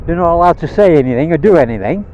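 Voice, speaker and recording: A man's voice: a little high, animated, racing, a little mellow, muffled recording, a little hiss or hum. Heated, swearing man on a motorbike. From Rhodesia (now Zimbabwe). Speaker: vlogger. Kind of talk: angry rant while riding. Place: on a motorbike outdoors.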